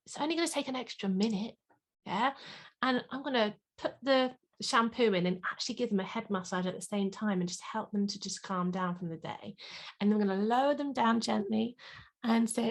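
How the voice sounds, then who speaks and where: Woman, parenting consultant, animated, voice a touch high. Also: normal speed. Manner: animated, acts out parents and children. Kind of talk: podcast interview.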